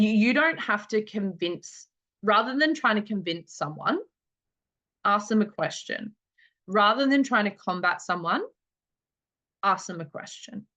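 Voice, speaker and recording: Woman rambling fast to her team, lots of likes, bright voice, kinda dull lo-fi audio. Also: medium pitch. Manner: chatty, quick, peppered with filler words. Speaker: network marketing team leader. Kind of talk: casual team meeting talk.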